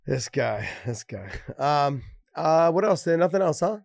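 A man's voice: on the high side, expressive, measured pace, creaky, darkish tone, dry recording, studio quality. A man co-hosting a casual chat, joking and teasing his friends between fight talk. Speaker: podcast co-host.

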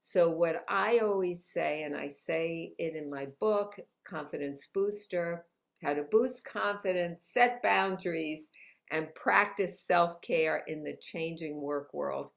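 A woman with a lowish, creaky voice speaks slowly as an author guest in a conversational interview in New York City. Her tone is upbeat and motivational, and she laughs often.

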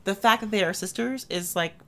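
A woman's voice: medium pitch, fairly quick. A woman co-hosting a casual chat about a film adaptation, blunt and opinionated with dry sarcastic asides. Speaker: podcast co-host.

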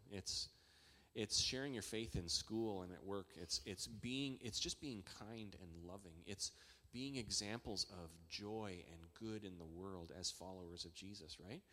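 A man preaching a sermon as pastor, talking in a conversational way that builds to excited emphasis. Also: on the low side. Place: church hall. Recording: long reverb of a large church hall.

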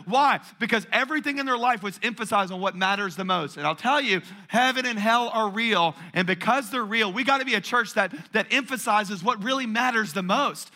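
A man in his thirties preaches to his congregation with energy and emphasis, hammering his points through repetition. His voice sits high for a man and rings very bright and forceful. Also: a little fast, hardly any pauses. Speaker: pastor. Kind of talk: sermon.

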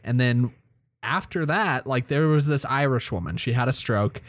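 A host in a casual podcast chat, introducing each topic in an animated way. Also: mid-range voice, moderate pace, dry recording, clean studio sound.

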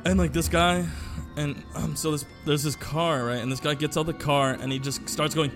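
A man's voice: a little high, steady tone, moderate pace, fairly bright tone, soft background music. Rambling young man telling a story. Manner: rambling, heavy filler words and swearing. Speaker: podcast co-host. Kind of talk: casual storytelling chat.

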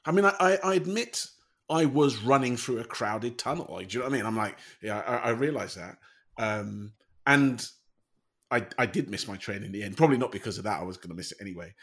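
Husky man, animated, chatty storyteller, casual swearing. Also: mid-range voice, a little fast. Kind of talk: casual chat.

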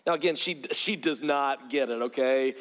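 A man's voice: medium pitch, moderate pace, fairly bright tone. A man preaching a sermon, earnest, often repeating words as he starts a phrase. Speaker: pastor. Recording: long hall reverb.

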